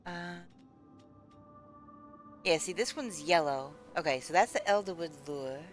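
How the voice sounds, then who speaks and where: Chatty low-voiced woman streamer. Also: animated, a little slow, faint music behind. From United States. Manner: chatty, rambling, answers chat aloud. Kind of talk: casual live-stream chat while gaming.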